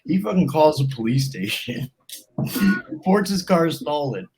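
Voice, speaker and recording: A man's voice: fairly high pitch, sing-song, unhurried, music in the background. A man in casual chat, telling an anecdote with heavy swearing and laughter. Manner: profane, laughing anecdote teller.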